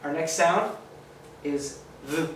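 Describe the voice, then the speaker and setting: Slow, encouraging phonics teacher, a man. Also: fairly high pitch, a little hiss or hum. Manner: slow, sounds out letters, encouraging. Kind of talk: phonics lesson for children. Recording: roomy echo, mic at a distance.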